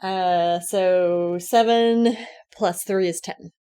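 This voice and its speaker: A woman's voice: lowish voice, fairly even intonation, drawn-out words, warm tone, smooth. A woman playing a tabletop game, playful and giggly. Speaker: player.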